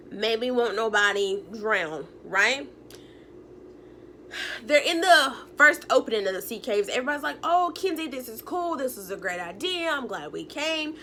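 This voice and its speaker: Woman vlogger, high bright voice, sassy and animated, casual episode recap. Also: slight background noise. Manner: animated, sassy, acts out characters' lines.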